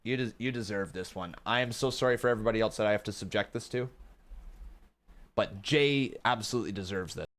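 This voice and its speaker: A man's voice: lowish voice, quick pace. A young man hosting a live watch-along stream, chatting to his viewers and often breaking into laughter. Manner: excitable, laughs a lot, talks to chat as "guys" and "bro". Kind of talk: casual live-stream commentary.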